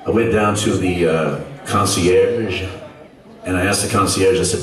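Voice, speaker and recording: A man's voice: low voice, steady tone. Man telling stories from a concert stage. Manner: dramatic pauses, teasing the audience. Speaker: rock singer. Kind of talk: stage storytelling between songs. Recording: echoey club from far, loud crowd.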